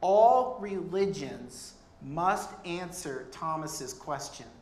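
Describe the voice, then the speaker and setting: A man's voice: fairly high pitch, expressive, slow pace, a little hiss or hum. A man preaching a sermon as pastor, earnest and conversational, with humorous asides. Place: church. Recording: echoey church room.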